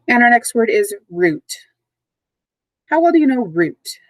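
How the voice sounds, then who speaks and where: A woman teacher giving a recorded vocabulary lesson, speaking patiently and clearly, repeating and spelling out words, recorded at home. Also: on the high side, very animated, unhurried, dry recording, low-quality recording. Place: at home, dogs nearby.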